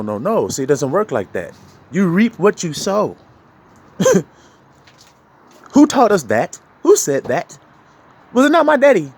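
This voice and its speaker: Man, preachy sermon, lively pitch swings, laughs between points, faint background noise. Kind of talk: street sermon.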